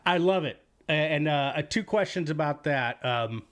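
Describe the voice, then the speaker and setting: A male podcast host with a slightly raised pitch keeps tripping over his words as he warmly stacks up his questions. His talk is full of restarts and fillers, casual and unpolished. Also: moderate pace, crowd noise. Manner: hesitant, with many restarts and fillers. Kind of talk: casual interview.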